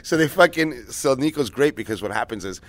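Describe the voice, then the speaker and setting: A man's voice: medium pitch, expressive, a little fast. Swearing, wisecracking man in podcast banter. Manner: profane, wisecracking, bursts into laughter. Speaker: podcast co-host, restaurant chef. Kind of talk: casual chat, crude banter.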